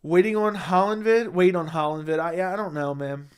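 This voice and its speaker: A young man hosts a casual livestream, reading viewer comments and firing back bluntly with plenty of swearing. His voice sits a bit higher than most men's. He talks close into a desk microphone. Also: fairly even intonation, brisk, clear, resonant tone. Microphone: studio microphone at a desk.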